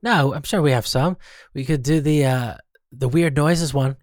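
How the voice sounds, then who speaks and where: A man with an Australian accent hosting a small radio show in a rambling, self-mocking way, often tripping over names. His voice is mid-pitched and recorded close and dry, with no room echo. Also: moderate pace, darkish tone, soft background music. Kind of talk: casual radio banter.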